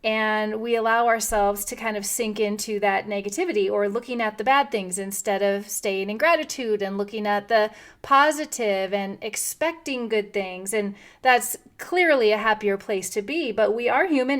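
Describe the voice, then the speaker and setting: A middle-aged woman hosting a wellness podcast, telling a personal story in an earnest, encouraging way. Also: mid-range voice. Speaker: podcast host.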